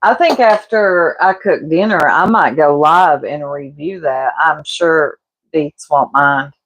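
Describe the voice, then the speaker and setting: A woman's voice: low voice, slow. A woman, casually gossiping and laughing with her livestream chat while she cooks. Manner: gossipy, laughing, teasing, addresses chat as y'all. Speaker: livestreamer chatting with viewers.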